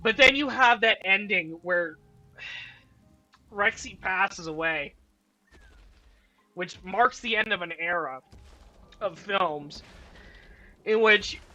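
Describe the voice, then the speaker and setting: A woman hosting casual film commentary, excitable and profane, with emotional outbursts. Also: mid-range voice, slow, long pauses, faint music behind, poor audio. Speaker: channel host reviewing films.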